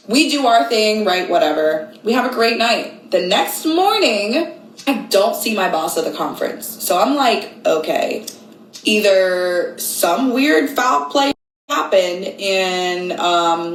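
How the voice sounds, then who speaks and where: A woman in her late twenties telling a story casually, animated and slangy, acting out what people said. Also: medium pitch, echoey room, slight background noise, low-quality recording. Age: late 20s. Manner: animated, slangy, acts out quotes.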